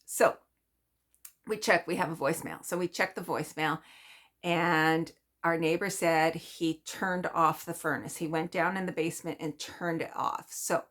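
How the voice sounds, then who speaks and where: A woman vlogger telling a story in a chatty, animated way, often laughing. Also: sits low, normal speed. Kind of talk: casual storytelling.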